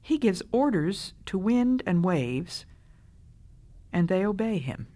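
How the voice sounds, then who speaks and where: A woman's voice: mid-range voice, very animated, slow, mellow. An older woman giving a radio devotional talk, earnest and conversational, asking listeners direct questions. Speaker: radio Bible teacher.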